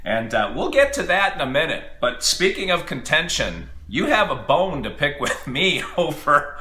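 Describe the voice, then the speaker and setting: A man's voice: on the high side, very animated, moderate pace, bright, forceful tone, roomy sound. A middle-aged man co-hosting a podcast, joking playfully and teasing himself as he chats. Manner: playful, jokey, self-mocking. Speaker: podcast co-host. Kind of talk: casual bantering podcast chat.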